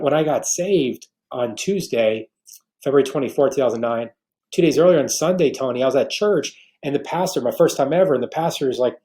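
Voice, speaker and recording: A man's voice: mid-range voice, warm tone. A man in his forties from New York, a podcast guest, telling an emotional faith story with many restarts. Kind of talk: earnest faith testimony.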